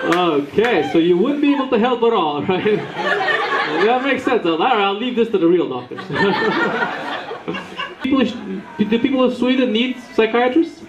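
A man from Romania doing crowd work in a comedy club, teasing the audience with quick banter. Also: sits high, big pitch swings, very noisy. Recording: echoey room, dull sound, crowd laughter.

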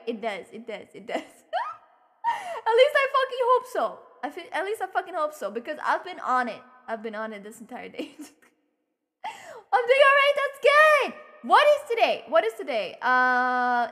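Very high, bright, bubbly streamer woman. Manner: bubbly, swears casually, greets chat with repeated welcomes. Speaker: VTuber streamer. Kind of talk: casual live-stream chat with viewers.

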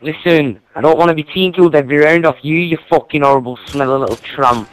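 A man's voice: on the high side, fast, no echo, poor audio. An angry young man swearing and threatening a teammate over online game voice chat.

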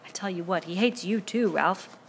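A woman's voice: lowish voice, normal speed, vocal fry, a little hiss or hum. A woman voicing an anxious, bookish, plump schoolboy with asthma, speaking earnestly in a raised, worried voice.

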